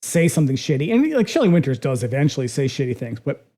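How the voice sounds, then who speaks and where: Casual podcast co-host; animated, salty delivery, warm dark tone. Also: medium pitch, quick pace. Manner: animated, profane, acts out quotes. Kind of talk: casual film discussion.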